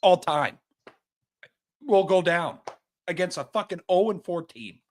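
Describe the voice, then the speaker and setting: A man's voice: sits high, a little slow. A young man co-hosting a sports podcast, ranting heatedly and swearing often in casual chat. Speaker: podcast co-host.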